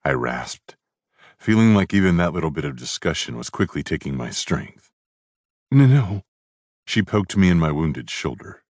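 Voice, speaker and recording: A man's voice: extremely low pitch, dry recording. A man narrating a novel in the first person with a dry, sardonic manner. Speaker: audiobook narrator.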